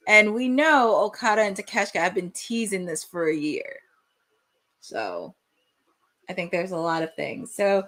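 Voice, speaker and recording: A young woman with a medium-pitched voice hosts a live wrestling watch-along, calling the action with excitable play-by-play and shouting at the big moments.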